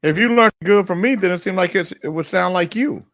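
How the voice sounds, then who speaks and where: A man's voice: sits high, brisk, fairly bright tone, no room sound. A middle-aged man hosting a morning talk show, teasing his co-host and telling crude jokes in casual, profane banter.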